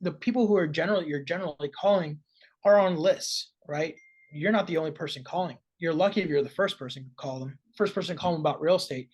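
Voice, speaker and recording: A man's voice: fairly high pitch, quick pace, a little mellow. A man chatting casually on a podcast as a real estate investor, often tagging his points with "right?" and restarting phrases. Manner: conversational, frequent "right?" tags and restarts.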